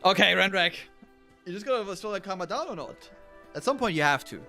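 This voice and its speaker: A man giving relaxed play-by-play commentary on a card game tournament. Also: high-pitched, brisk, faint music behind. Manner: relaxed play-by-play, calls the action. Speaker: esports caster.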